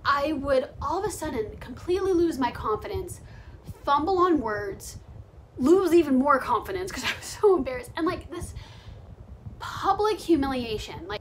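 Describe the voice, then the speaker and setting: A young woman with a high voice vlogs from home during quarantine, on a rough recording with slight background noise. She chats casually and confessionally, laughing a lot and peppering her speech with "like."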